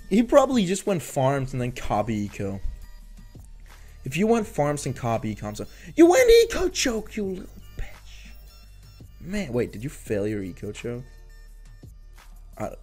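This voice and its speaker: A man's voice: medium pitch, a little mellow. A young man giving casual gameplay commentary, rambling, swearing and stumbling over his words as he grows frustrated. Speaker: gaming YouTuber.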